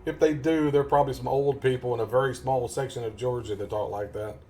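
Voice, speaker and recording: A man's voice: medium pitch, steady tone, fairly quick, warm tone. A man chatting casually as a gaming live streamer, folksy and rambling, chuckling often. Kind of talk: casual chat over gameplay.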